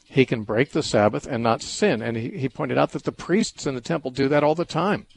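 A middle-aged man hosting a call-in radio show, calmly reasoning through a Bible question with everyday examples. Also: mid-range voice, fairly quick, gravelly. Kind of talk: call-in Bible teaching talk.

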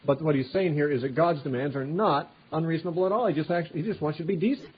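A man's voice: a little high, rapid-fire, a little hiss or hum. A man teaching through a Bible passage verse by verse, reading the verses aloud with rising emphasis and then explaining them in a casual, conversational way. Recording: dull lo-fi recording.

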